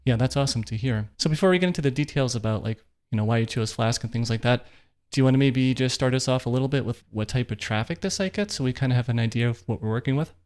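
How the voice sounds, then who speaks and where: A man's voice: mid-range voice, fast, darkish tone, clear, resonant tone. A man in a mid-range voice hosts a podcast interview, his questions easy and conversational. He keeps a friendly, casual tone as he steers the talk. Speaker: podcast host.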